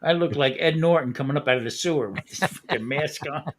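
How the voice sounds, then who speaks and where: A man's voice: fairly high pitch, brisk, a little hiss or hum. A man hosting a live stream who tells a long, profane anecdote with frequent laughter. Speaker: host. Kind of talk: casual storytelling on a live stream.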